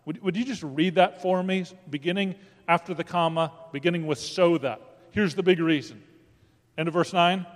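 A man's voice: sits high, moderate pace. Emphatic preaching man in an echoing hall. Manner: emphatic preaching with rising calls of "Amen?". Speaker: pastor. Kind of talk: sermon. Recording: long hall reverb.

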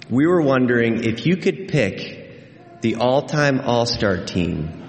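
A man preaches a sermon, earnest and emphatic, repeating his key lines for weight. He speaks at a slow, deliberate pace. His voice rings through a roomy sanctuary with a long, trailing reverb. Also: mid-range voice. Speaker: pastor. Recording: echoey hall with long reverb.

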